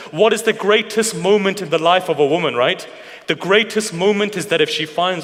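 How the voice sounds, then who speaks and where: A man's voice: high voice, normal speed, a bit bright, big-room sound. A man delivering a mourning sermon at a religious gathering, telling the story with passion and asking the listeners questions. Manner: impassioned storytelling, asks the audience questions. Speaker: majlis speaker.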